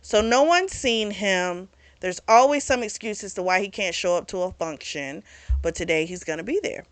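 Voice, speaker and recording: A woman hosting a book club, casually recapping a novel's plot, animated and swearing freely. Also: medium pitch, normal speed, dry recording.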